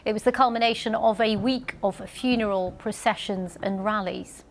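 A woman news anchor reading scripted headlines in a measured, even delivery. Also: medium pitch, slight background noise.

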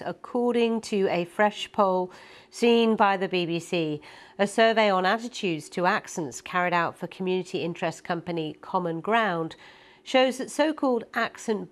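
A woman presenting business news in a measured, crisp delivery. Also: mid-range voice.

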